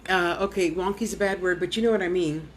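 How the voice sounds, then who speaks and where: A woman's voice: lowish voice, quick pace, a little hiss or hum. A woman clairvoyant medium in casual live-stream chat at home, rambling and blunt, talking straight to her viewers.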